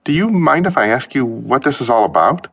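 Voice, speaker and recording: A man's voice: mid-range voice, very animated, a little fast, vocal fry, a bit bright, slightly rough, pitched above the performer's own voice, full character voice. A male narrator voicing a nervous, hapless young man who stammers and sounds flustered.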